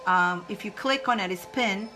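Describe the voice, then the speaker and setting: A woman hosting a spiritual live stream, chatting casually and excitedly with viewers. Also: mid-range voice, normal speed, soft background music, low-quality recording. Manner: chatty and excitable, breaks into laughter.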